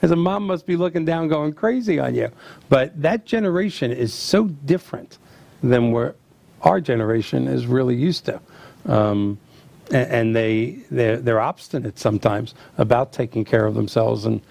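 A middle-aged man hosting a chat, telling family stories and acting out the quotes with lively energy. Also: medium pitch, normal speed, vocal fry, no echo. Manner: animated storyteller acting out quotes. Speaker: host. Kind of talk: casual storytelling chat.

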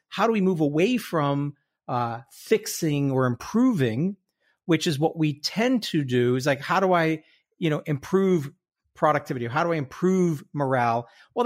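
Higher-voiced man explaining eagerly. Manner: explanatory, lively, many restarts. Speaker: podcast guest, author. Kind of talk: casual conversation.

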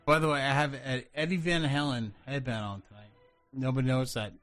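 A man hosting a casual show, introducing video clips with deadpan jokes and many fillers. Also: mid-range voice, fairly quick, faint music behind. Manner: deadpan joking, hesitant with fillers. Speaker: host.

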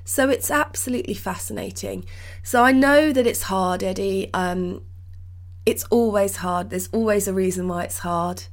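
A woman hosts her own podcast, talking things through alone in a reassuring, wandering way. Her voice sounds croaky, at a middling pitch for a woman, and she often restarts her sentences. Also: moderate pace. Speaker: podcast host and medium teacher. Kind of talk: solo podcast talk.

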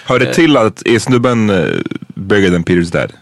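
A man's voice: lowish voice, expressive, moderate pace, no room sound, clean studio sound. A man co-hosting a podcast in casual chat, pressing his co-host with follow-up questions.

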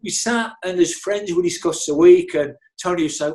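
A former footballer and physio telling stories in an animated, chatty way, repeating himself and laughing often. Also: male voice, sits high, normal speed. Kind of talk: casual storytelling interview.

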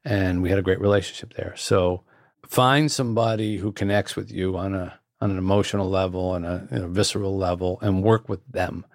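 A man with a low, gravelly voice tells a story earnestly as a guest. His speech is warm and intimate. The sound is dry and close, with no room echo. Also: fairly even intonation, fairly quick. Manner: earnest, repeats phrases. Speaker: author, guest. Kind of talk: anecdotal storytelling.

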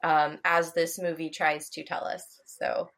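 A woman's voice: low voice, flat delivery, a bit bright. Chatty laughing woman podcaster. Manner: chatty, laughs often, quick asides with mock quotes. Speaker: podcast co-host. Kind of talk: casual chat.

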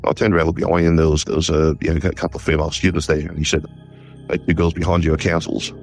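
An Australian man, a war historian, telling a story in an interview with lively retold dialogue and frequent restarts. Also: extremely low pitch, racing, faint music behind. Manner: animated, retells conversations in quoted dialogue, frequent restarts.

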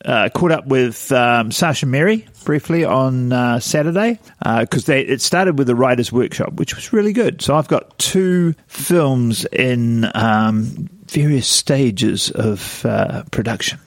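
A man's voice: mid-range voice, unhurried, few pauses, no room sound. Podcast co-host, New man, rambling and a bit drunk, hiccups, dead-dry mic. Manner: rambling, laughs often, tipsy. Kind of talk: casual chat.

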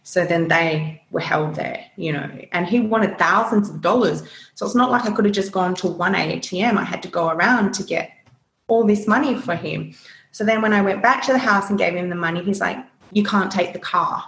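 A woman guest telling her own story in a rambling way, peppering it with "you know" and "um". Her voice sits a little low. The room gives it a noticeable echo. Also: a little fast, gravelly, fairly bright tone. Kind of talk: personal testimony in an interview.

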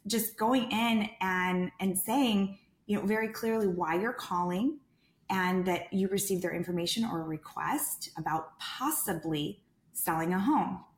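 A woman guest on a podcast who speaks calmly and deliberately, with a soothing tone. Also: medium pitch. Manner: calm, deliberate, soothing delivery. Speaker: sales director, guest. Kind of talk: podcast interview answers. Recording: roomy echo.

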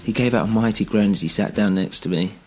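A man narrating a dark first-person story in a measured, grave way, with dramatic pauses. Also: fairly low pitch. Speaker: narrator and podcast host.

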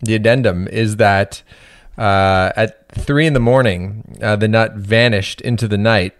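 A man's voice: on the low side, unhurried, dry recording, studio quality. A man on a podcast in casual chat, telling a story with animation and acting out both sides of a call. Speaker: podcast co-host.

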